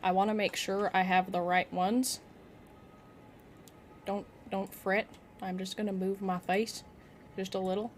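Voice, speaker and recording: A woman streamer chatting casually with her viewers while playing, excitable and giggly. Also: medium pitch, a little slow, pauses often, a little hiss or hum. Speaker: game streamer. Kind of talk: casual live-stream chat.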